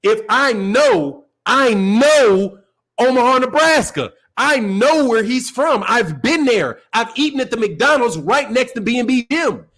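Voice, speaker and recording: He's a boxing channel host from Chicago, accent and all, with a very high, slightly bright voice that's animated yet measured in pace. His live-stream rant is casual, profane and wandering, with lots of laughing.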